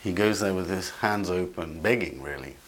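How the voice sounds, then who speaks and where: Man, very low voice, interview guest, conversational commentary, stop-start delivery. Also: a little hiss or hum. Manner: halting, with frequent restarts and repeated words.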